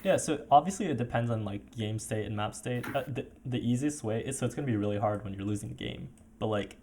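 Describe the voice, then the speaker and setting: A man gives game coaching in a loose, rambling way, full of fillers and restarts. His voice sits at a middle pitch over a voice call. A faint hiss runs underneath. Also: fast talker, warm tone. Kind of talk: casual coaching chat.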